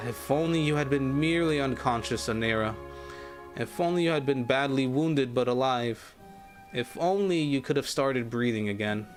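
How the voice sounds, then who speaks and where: Man reading a story in a grave voice. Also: mid-range voice. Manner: measured, grave, sometimes hushed. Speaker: game streamer reading story text. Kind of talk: dramatic reading of game story text. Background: faint game music.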